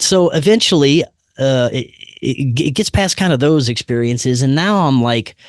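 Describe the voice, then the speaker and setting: A man telling a personal story in casual chat, laid-back and saying "man" and "dude" a lot, doing animated voices for the people he quotes. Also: mid-range voice, dry recording, studio quality.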